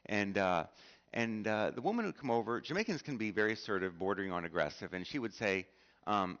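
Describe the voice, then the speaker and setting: A middle-aged male pastor tells stories from the pulpit, stumbling over fillers and restarts and acting out the people in them. His voice sits low but rises and falls a lot. The church livestream sounds muffled and lo-fi. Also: animated, a little fast, a bit bright. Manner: storytelling, acts out quoted speech with many fillers and restarts. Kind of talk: sermon. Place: church sanctuary.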